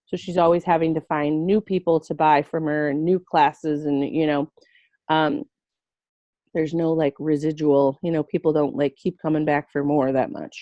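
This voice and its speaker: A woman's voice: low voice, no echo. Chatty woman on a dull video call. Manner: chatty, animated quoting of herself and her friend. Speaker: essential oils seller. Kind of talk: casual storytelling on a video call.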